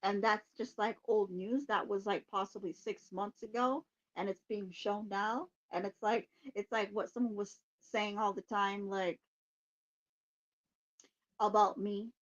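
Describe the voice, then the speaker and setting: Slow-talking woman host, lo-fi sound. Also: medium pitch, fairly even intonation. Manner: laughs often, chatty and swears casually. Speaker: psychic podcast host. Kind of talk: casual livestream chat.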